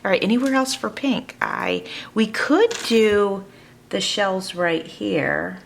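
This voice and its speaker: A woman hosting a crafting channel chats casually and thinks aloud for her viewers while working in her home art studio. Her medium-pitched voice is gravelly and sing-song, unhurried, with slight background noise.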